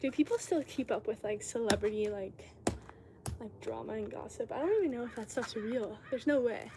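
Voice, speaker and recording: A woman's voice: a little high, normal speed, background noise. A woman in her twenties chatting casually on a pottery livestream, thanking viewers as she works. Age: 20s.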